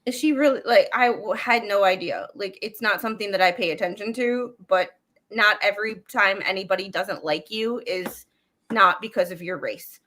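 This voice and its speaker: A woman's voice: mid-range voice, moderate pace, bright, forceful tone. A woman co-hosting a live stream, talking casually in a chatty, opinionated way with plenty of fillers. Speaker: stream co-host.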